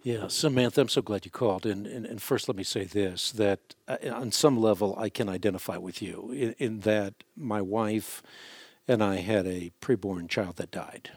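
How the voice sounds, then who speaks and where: A man's voice: lowish voice, moderate pace, a little mellow, slightly rough, dry recording. A male radio host giving earnest, reassuring religious advice to a caller.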